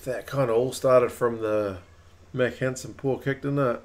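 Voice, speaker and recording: A man's voice: mid-range voice, steady tone, slight background noise. New Zealand man commentating rugby live. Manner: rises and quickens at close plays. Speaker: rugby watch-along host. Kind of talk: live match commentary and chat.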